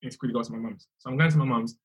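A young man, a musician telling his story in a casual, animated way, often repeating himself. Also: medium pitch, very fast. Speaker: musician guest.

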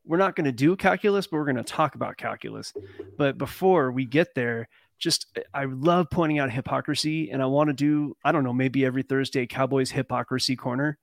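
A man's voice: medium pitch, fairly quick, vocal fry, no echo, studio quality. A man talking loosely as a podcast guest, rambling through commentary with fillers. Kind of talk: casual live chat.

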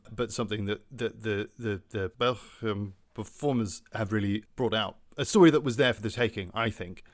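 A man hosting a spoof arts review show, delivering it in a deadpan, mock-serious presenter tone. He drops in frequent ums and uhs as he goes. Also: fairly low pitch. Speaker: host. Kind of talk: deadpan comedy review chat.

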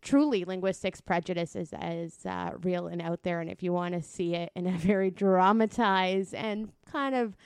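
A woman co-hosting a casual podcast, with a lowish, smooth and clear voice. She works through her points thoughtfully, with frequent ums, in a dry, close recording. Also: steady tone, normal speed, few pauses, a little mellow, dry recording. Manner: explaining, thoughtful, many fillers. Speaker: podcast co-host. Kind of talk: casual chat.

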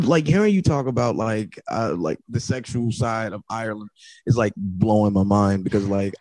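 A man's voice: lowish voice, a little mellow, no room sound. A man from the United States, a podcast guest, chatting in a laid-back way, laughing easily and saying "like" a lot. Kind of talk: casual chat.

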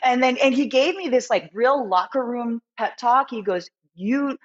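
A woman guest musician telling a personal story in a candid interview, animated and full of fillers. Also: on the high side, moderate pace, muffled recording.

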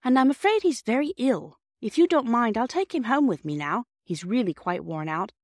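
A woman voicing a composed, reassuring mother in a storybook reading, speaking brightly and briskly. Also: on the high side, expressive, no echo, studio quality, voice pushed up.

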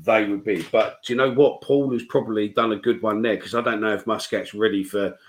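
A man's voice: fairly low pitch, steady tone, fairly quick, low-quality recording. A man co-hosting a casual football chat show, blunt and sweary. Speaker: podcast co-host.

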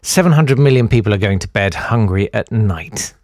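A man's voice: on the low side, lively intonation, moderate pace, darkish tone, no room sound, studio quality. A man hosting a comic news podcast, sarcastic and rambling with lots of ums. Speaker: podcast host.

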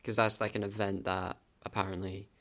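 A man's voice: on the low side, little pitch movement, a little fast, a bit bright. Teasing man chiming in on a podcast. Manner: teasing, laughing, short replies. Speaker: podcast co-host. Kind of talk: casual podcast chat.

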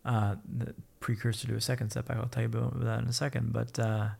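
A man's voice: medium pitch, level tone, fast, vocal fry, darkish tone, breathy edge. A man telling his own story as a podcast guest, blunt and upbeat, swearing freely. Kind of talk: casual candid storytelling.

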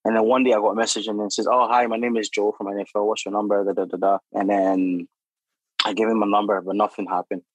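A young man, a guest telling animated, laughing stories full of acted-out quotes. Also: fairly low pitch, fast, dry recording, low-quality recording. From Democratic Republic of Congo. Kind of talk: casual storytelling.

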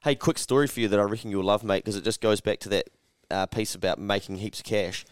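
New man, podcast co-host, lowish voice, animated storyteller who swears. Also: fast talker, smooth, no room sound, clean studio sound. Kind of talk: casual podcast chat.

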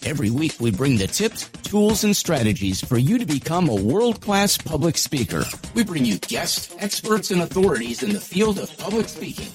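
A man's voice: a little high, normal speed, hardly any pauses. A man reading an upbeat scripted podcast intro as announcer. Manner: upbeat, lively announcer delivery. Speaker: show announcer. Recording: announcer over faint music.

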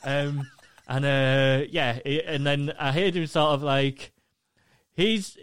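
Brief: male co-host, slightly high voice, laughing, animated storyteller. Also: slow, clean tone. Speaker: podcast co-host. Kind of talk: casual banter.

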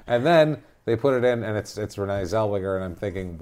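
A man's voice: lowish voice, lively intonation, brisk, a little mellow. Man co-host, casual film chat, sarcastic, dry humor. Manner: sarcastic, dry, tangent-prone. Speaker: podcast co-host. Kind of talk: casual movie review chat.

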